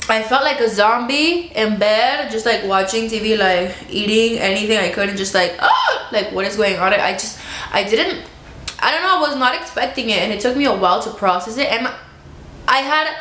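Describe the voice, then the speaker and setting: Higher-voiced woman chatting to her camera, laughs a lot, echoey room with a faint hiss. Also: fairly quick. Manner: chatty and expressive, laughs often. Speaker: vlogger. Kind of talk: casual chat to camera. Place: at home. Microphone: camera in front of her.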